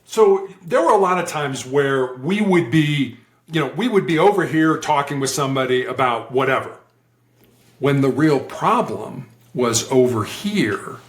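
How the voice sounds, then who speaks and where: Guest man, animated storyteller who mimics quoted voices, average pitch, roomy echoey sound. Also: a little slow. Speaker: guest, former hostage negotiator. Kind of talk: conversational interview storytelling.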